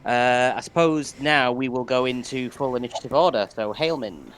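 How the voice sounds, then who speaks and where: A man running a tabletop game as game master, relaxed and chuckling as he makes casual rulings. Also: mid-range voice, moderate pace, a little hiss or hum.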